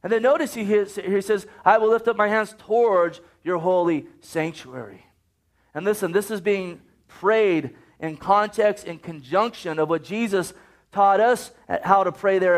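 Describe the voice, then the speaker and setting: A man's voice: high voice, moderate pace. A man preaching a sermon, earnest and urging, often quoting scripture.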